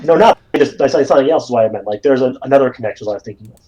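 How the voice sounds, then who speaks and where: A man's voice: mid-range voice, very fast, warm tone, highs cut off. A man playing a tabletop game, chatting casually and stumbling over his words with many restarts. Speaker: player.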